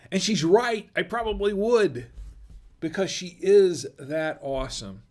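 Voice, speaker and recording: A man's voice: high voice, animated, a little slow, pauses often, a little mellow. A middle-aged man hosting a wine review livestream, chatting casually in a rambling, digressive way and chuckling often. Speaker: host of a wine review show.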